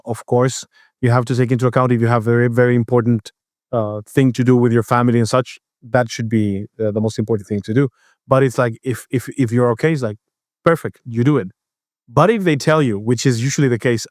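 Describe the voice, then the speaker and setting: A man's voice: medium pitch, a little mellow, no echo. Guy on a podcast telling a long work story, starts over a lot, dry close sound. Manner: storytelling, halting with restarts, acts out quoted voices. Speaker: podcast co-host. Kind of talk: casual chat.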